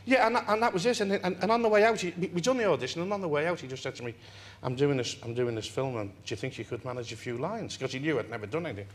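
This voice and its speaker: An older man from England, a talk-show guest telling a long story in an animated way and laughing through it. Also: a little high, racing, hardly any pauses. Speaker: interview guest. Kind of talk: anecdotal storytelling.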